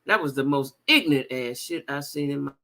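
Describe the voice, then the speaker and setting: A woman hosting a casual livestream chat, talking to her viewers in a blunt, animated and profane way, with repeated exclamations. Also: low-pitched, a little fast. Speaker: livestream host reading viewer comments.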